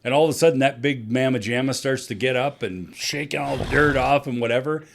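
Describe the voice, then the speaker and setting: A man's voice: medium pitch, brisk, gravelly. Blunt, swearing podcast co-host man. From South Dakota. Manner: blunt storytelling, swears freely, animated. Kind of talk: casual sports podcast banter.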